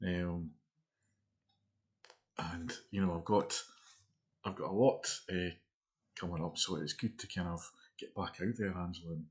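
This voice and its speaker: A middle-aged man co-hosting a casual live chat show, chatty and quick to laugh. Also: deep voice, fairly even intonation, a little mellow. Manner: chatty, laughs often, reads out quotes.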